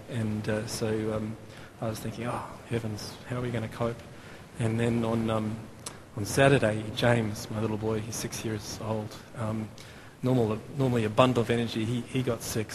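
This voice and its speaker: An Australian man in his thirties preaches a chatty, self-deprecating sermon in a church, full of fillers and restarts. His voice is on the low side, delivered flatly at a moderate pace, and the recording has long hall reverb with faint room noise.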